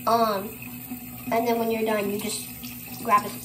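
Speaking a little slowly with a flat delivery and a voice on the high side, this vlogger rambles through a get-ready-with-me video. The young woman giggles and fills her talk with fillers, and the room sounds echoey with ambient noise around her.

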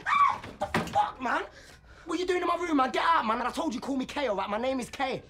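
A man's voice: very high voice, huge pitch swings, fast talker, pushed and bright, full character voice. An actor playing a boastful young man, a would-be rapper with a London accent, talking brash street slang in a comic film. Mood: bickering. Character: young male wannabe rapper, cocky and boastful. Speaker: film character.

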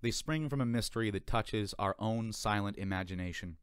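Low-voiced man reading an audiobook. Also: a little fast, smooth, no echo, studio quality. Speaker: audiobook reader. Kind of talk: scripted narration. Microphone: home recording.

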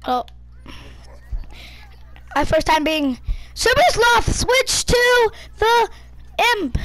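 A woman with a very high, bright voice calls out excitedly while playing an online game with friends. Her pitch swings widely and she talks at an unhurried pace between bursts of yelling. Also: no echo. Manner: excitable, yelling and laughing at teammates. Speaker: gamer. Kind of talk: live gameplay commentary.

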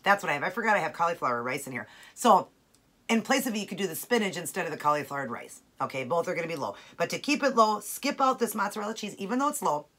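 A woman with a bright, sharp tone and a husky edge talks to camera in a chatty, upbeat cooking vlog. She sits a touch low in pitch and tastes the food between remarks. Now and then she drifts away from the camera mic. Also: animated, quick pace. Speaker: keto cooking vlogger. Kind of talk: casual cooking chat to camera.

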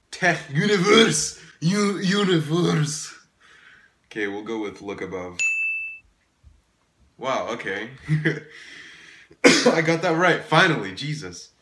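A man's voice: fairly low pitch, lively intonation, a little slow, long pauses, pushed and bright, reverberant, slight background noise. A man giving casual gameplay commentary, exasperated, swearing often and laughing at himself. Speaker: gaming YouTuber.

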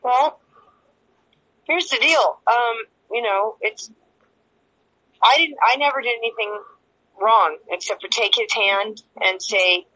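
A woman speaks as an interview guest, pouring out an emotional personal account in a fairly high, bright, forceful voice. She rambles, circles back and repeats phrases, slipping into the voices of people she quotes. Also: takes it slowly, long pauses, slight background noise, low-quality recording. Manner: rambling, repeats herself, acts out quoted dialogue.

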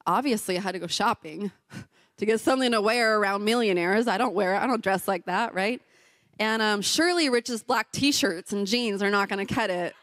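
A woman's voice: medium pitch, moderate pace, no room sound, studio quality. A middle-aged woman giving a sermon as a pastor's wife, telling a personal story with laughs and acted-out voices. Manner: animated, laughs often, acts out voices in her story.

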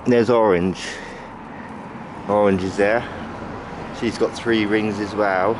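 A man's voice: fairly low pitch, steady tone, slow pace. A man in his fifties vlogging casually outdoors on a city street, chatting in a rambling way and calling fondly to pigeons by name. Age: 50s. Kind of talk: casual walk-and-talk vlog. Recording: outdoor traffic noise behind.

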